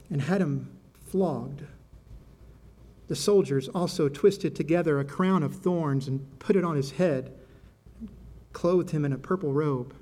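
A man's voice: fairly high pitch, darkish tone. A man pastor reading scripture aloud and leading prayer in a sermon, stressing quoted speech with a raised voice.

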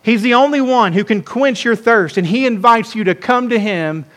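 A man's voice: very high voice, a bit bright. A man. He speaks emphatically and stretches out important phrases for weight. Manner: emphatic, slows down to stress key words. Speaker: pastor. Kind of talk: sermon. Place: church sanctuary.

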